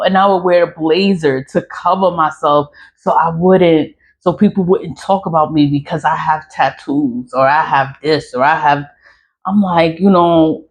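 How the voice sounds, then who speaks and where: A woman in her forties speaking frankly to her phone camera in a casual vlog rant, swearing and laughing often. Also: on the low side. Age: 40s. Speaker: online creator.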